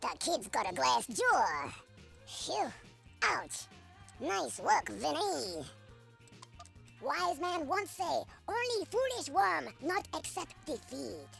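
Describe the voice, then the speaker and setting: Actors voice assorted cartoonish worm soldiers of mixed ages in video game character clips, barking exaggerated one-liners in many different accents with game music behind. The voices sit high and fairly bright, sing-song and exaggerated, with vocal fry and a slow pace.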